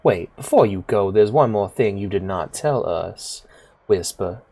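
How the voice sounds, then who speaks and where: A man voicing a formal, kindly older woman elder with a put-on Southern accent, speaking softly and slowly. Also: on the low side, animated, voice pushed down. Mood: solemn. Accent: put-on American Southern.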